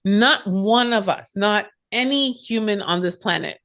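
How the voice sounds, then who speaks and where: A woman's voice: mid-range voice, a bit bright. Bubbly woman hosting a podcast. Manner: bubbly, laughs a lot, talks in quick bursts. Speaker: podcast host. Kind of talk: casual podcast chat.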